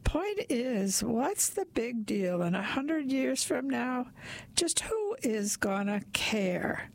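A woman's voice: a little high, sing-song, slow, vocal fry, exaggerated voice. A woman reading aloud, voicing a tall, self-assured laundromat attendant who speaks in a folksy, motherly way. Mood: calm.

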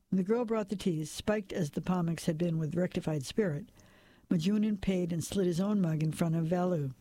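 A man reading a crime novel aloud in even, steady scripted narration. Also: sits high, fairly quick, no room sound. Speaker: audiobook narrator.

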